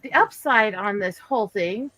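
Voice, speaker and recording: A woman hosting a live stream, telling a story in an indignant, animated way. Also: medium pitch, moderate pace, poor audio. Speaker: livestream host. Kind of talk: casual chat.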